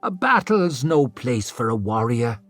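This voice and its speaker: A man's voice: mid-range voice, sing-song, measured pace, a bit bright, dry recording. A man voicing a weary, sardonic veteran male warrior who has fought too many battles. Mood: wry. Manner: dry, sardonic.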